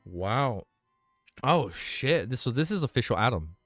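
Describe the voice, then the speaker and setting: A man's voice: mid-range voice, measured pace, dry recording, soft background music. Tired young man streaming, worn-out voice. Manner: excitable, swears freely, gushing reactions. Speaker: livestream host. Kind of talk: casual livestream chat reacting to artwork.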